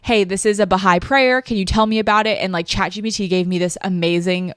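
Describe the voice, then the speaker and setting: A woman's voice: medium pitch, fairly even intonation, fast talker, clear, resonant tone, no echo. A young adult woman hosting a podcast, telling a personal story in a chatty way, full of fillers, with emotion close to the surface. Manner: emotional, tearful at times, many "like" fillers. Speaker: podcast host. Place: living room.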